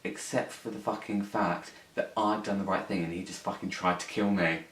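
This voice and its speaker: A man's voice: sits low, steady tone, moderate pace, fairly bright tone. A young man telling a story on his vlog, sweary, rambling and indignant. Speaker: vlogger. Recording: echoey room, mic at a distance, faint hiss.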